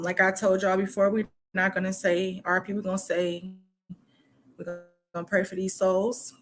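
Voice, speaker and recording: A woman from Michigan hosting her own channel, reading a news article aloud in a halting way and breaking off into casual asides full of "like" and "you know.". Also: mid-range voice, fairly bright tone, a little hiss or hum. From Michigan, United States. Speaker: host.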